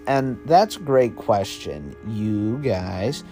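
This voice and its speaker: A man's voice: mid-range voice, expressive, slow, warm tone, soft background music. A young man telling an improvised second-person story, rambling casually and often correcting himself. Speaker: podcast storyteller.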